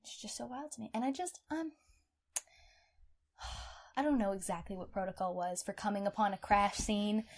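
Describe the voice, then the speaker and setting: A woman co-hosting a true-crime podcast in casual chat, animated and outspoken, swearing freely. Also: medium pitch, normal speed, long pauses. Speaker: podcast co-host.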